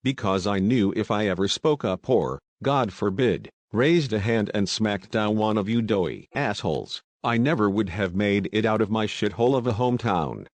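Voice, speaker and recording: A man voicing a calm, menacing army sergeant who speaks with quiet, controlled threat in an audiobook. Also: fairly low pitch, moderate pace, hardly any pauses, no room sound.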